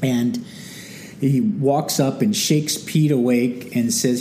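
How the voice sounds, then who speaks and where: A man's voice: medium pitch, slow, a little hiss or hum. A man hosting a history talk, telling the story casually with wry asides and acted-out quotes. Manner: animated and wry, acting out quotes, many asides. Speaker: history channel host.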